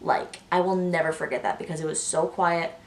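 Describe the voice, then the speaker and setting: A young woman telling a story in a casual vlog, gushing and excitable, full of "like". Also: fairly low pitch, fairly quick. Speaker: vlogger. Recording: echoey room.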